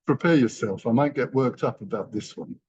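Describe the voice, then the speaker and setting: A man's voice: mid-range voice, brisk, darkish tone, husky. A man giving a motivational training talk to company partners, emphatic and repeating key phrases. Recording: dull lo-fi sound.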